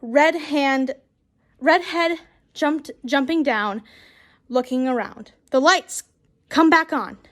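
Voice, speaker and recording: A woman's voice: high-pitched, slow pace, pauses often, fairly bright tone. A young woman in her twenties reading fanfiction aloud, breaking off for giggly, chatty asides and cheerful swearing. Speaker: fanfiction reader and YouTuber.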